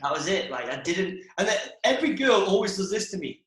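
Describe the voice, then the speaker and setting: A man's voice: sits high, very animated, fairly quick, fairly bright tone, reverberant, rough recording. A young man on a podcast, telling crude nightlife stories in a casual, sweary way. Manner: swearing, storytelling, laughs mid-story. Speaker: podcast co-host. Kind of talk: casual chat.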